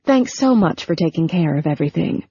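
A woman's voice: sits low, lively intonation, a little fast, mellow, breathy edge, no room sound, heavily acted. A woman voicing a busy, pleading employer. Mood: friendly. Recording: dull lo-fi recording.

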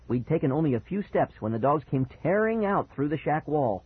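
A man's voice: a little high, sing-song, moderate pace, few pauses, breathy edge. A man narrating a first-person scary children's story on audiobook, dramatic and building suspense, on a muffled cassette recording.

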